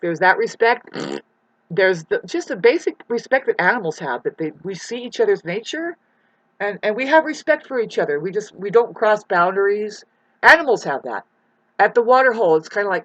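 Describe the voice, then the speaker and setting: Husky, intense voice in a profane rant. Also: medium pitch, lively intonation, normal speed, a bit bright, dry recording, dull audio. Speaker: vlogger. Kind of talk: rambling rant to camera. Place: rural mountain home.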